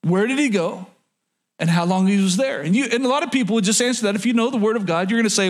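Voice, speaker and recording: A man's voice: high voice, fast. A man preaching a sermon to his congregation, reading scripture and repeating phrases for emphasis. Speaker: pastor. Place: church in front of a congregation.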